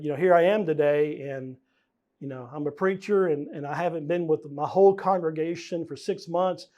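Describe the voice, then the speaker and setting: A man, the pastor, preaching a sermon in an earnest, conversational way, pausing and stressing key words. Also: fairly high pitch, darkish tone.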